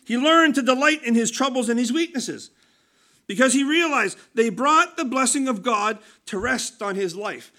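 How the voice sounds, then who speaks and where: A man's voice: very high voice, lively intonation, normal speed, pushed and bright. A man preaching a conversational sermon, earnest and emphatic, often restarting his sentences.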